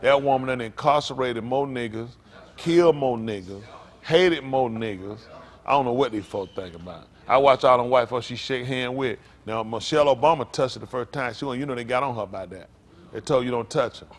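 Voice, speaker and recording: A man's voice: mid-range voice, fairly quick. A man, a pastor preaching in an informal, joking way. He laughs, teases the congregation and keeps asking "isn't that right?". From United States. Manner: animated, laughing, teasing the congregation. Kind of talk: informal joking sermon talk.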